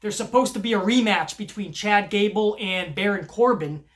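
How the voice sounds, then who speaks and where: A man's voice: high voice, normal speed. Profane, rambling wrestling vlogger, man. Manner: profane, animated, rambling with restarts. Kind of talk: casual unscripted vlog commentary.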